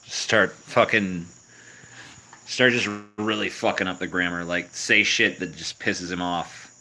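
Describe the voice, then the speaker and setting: A man hosting a livestream and answering chat, with profane, mocking, deadpan replies. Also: low-pitched, unhurried, poor audio. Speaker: livestream host reading chat. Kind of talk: crude, sarcastic livestream chat.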